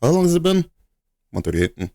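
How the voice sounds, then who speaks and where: Young man streamer, lively swooping voice, slightly sick, swears, teasing fake outrage. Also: fairly high pitch, fast, vocal fry, dry recording. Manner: swears, laughs, swings into loud mock outrage at chat. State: a little sick, coughing. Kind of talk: casual live-stream chat.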